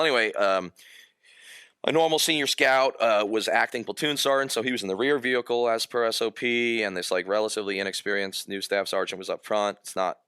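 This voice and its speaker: A retired American army officer, a guest on a podcast, telling a war story in a halting way with many fillers and restarts. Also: male voice, fairly low pitch, a bit bright, clear, resonant tone, no room sound, studio quality. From United States.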